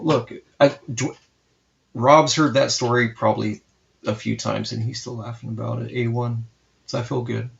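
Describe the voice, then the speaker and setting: A man in his forties, a comic artist hosting a live art stream, telling animated, profane stories in casual chat. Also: medium pitch, creaky, highs cut off.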